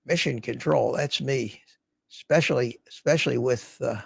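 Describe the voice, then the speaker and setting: Older livestream host, gravelly, raised pitch, dry close sound, chatty and rambling. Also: male voice, moderate pace, dry recording. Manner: rambling, greets viewers by name. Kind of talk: casual livestream chat. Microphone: studio mic through a mixer.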